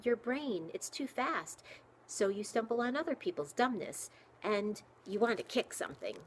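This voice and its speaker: A woman's voice: a little high, big pitch swings, moderate pace, slight background noise, voice pushed up. A woman voicing a grave, earnest young girl speaking bluntly.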